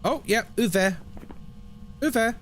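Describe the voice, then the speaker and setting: Extremely high-pitched and extremely slow, this man's voice is expressive and fairly bright, with a little hiss or hum. He's English, streaming a horror game from his home room near a busy road and joking casually and self-deprecatingly with his audience.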